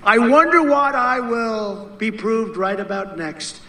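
High, bright-voiced man giving a rally speech. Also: animated, takes it slowly, echoey room. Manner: emphatic and repetitive, mocking quoted opponents.

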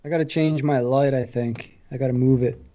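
A man's voice: mid-range voice, fairly even intonation, a little fast, dark tone. A man with a New Jersey accent chatting on a podcast in a laid-back, self-deprecating way. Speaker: podcast co-host. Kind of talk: casual podcast chat. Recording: dull lo-fi sound.

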